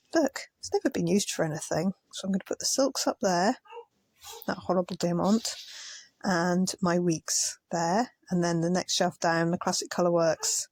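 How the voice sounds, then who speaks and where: A tired craft vlogger with a fairly low, darkish voice chats casually over sped-up footage, yawning and muttering asides as she sorts things. There is no echo.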